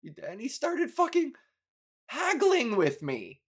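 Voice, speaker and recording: A man's voice: extremely high pitch, wildly swooping pitch, measured pace, husky. A young man hosting a podcast, rambling through a story in a profane, self-mocking way with bursts of exasperation. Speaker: podcast host. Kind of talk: casual podcast monologue.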